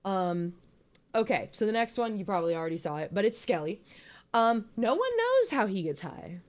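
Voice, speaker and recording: A woman's voice: medium pitch, sing-song, normal speed. A young woman giving a casual, joking slideshow presentation, playful and giggly with lots of ums.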